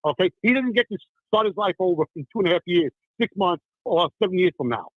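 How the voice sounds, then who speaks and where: A man's voice: high-pitched, lively intonation, fast talker, no echo. A middle-aged man calling in, upset and impassioned, who keeps repeating "listen" and "okay". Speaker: caller. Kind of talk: emotional call-in talk. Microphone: phone. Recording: tinny phone line.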